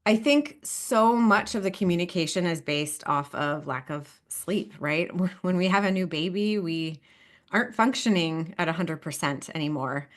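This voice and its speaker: A woman in her thirties speaks in a low, chatty voice as a couples therapist on a podcast. She laughs easily and keeps checking in with "right?" and "you know". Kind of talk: podcast interview.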